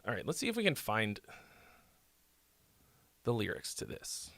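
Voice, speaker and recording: A man's voice: lowish voice, wildly swooping pitch, unhurried, gravelly, pushed and bright. A man hosting a live song critique stream, talking bluntly with profanity and sarcasm.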